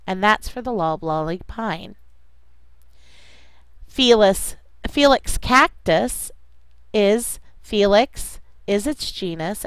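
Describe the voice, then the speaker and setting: A female teacher delivers a science lecture in class, speaking deliberately and repeating key terms so students can write them down. Her voice is medium-pitched and clean with no room sound, though the recording is rough.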